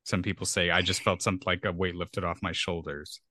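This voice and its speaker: Earnest deep-voiced man, rambling podcast talk. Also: fairly even intonation, brisk, pushed and bright, dry recording, studio quality. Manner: earnest, rambling with frequent restarts. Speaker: podcast co-host. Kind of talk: casual conversational discussion.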